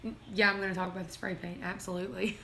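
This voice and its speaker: A woman's voice: medium pitch, flat delivery, rapid-fire, gravelly, bright, forceful tone, slight background noise. A woman, hosting a casual livestream and telling family stories, laughing often as she talks. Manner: giggly, laughs through her own stories. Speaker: livestream host.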